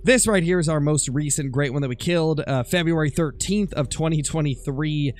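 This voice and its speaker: Gaming host, male, a bit raspy from being sick, higher-pitched, chatty game commentary over faint music. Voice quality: slightly raspy. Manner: chatty, easygoing, frequent fillers. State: recovering from illness.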